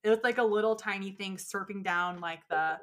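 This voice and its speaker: A woman's voice: medium pitch, brisk, fairly bright tone. A young woman co-hosting a casual podcast, telling stories in a wry, laid-back way. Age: young adult. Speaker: podcast co-host. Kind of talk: casual chat.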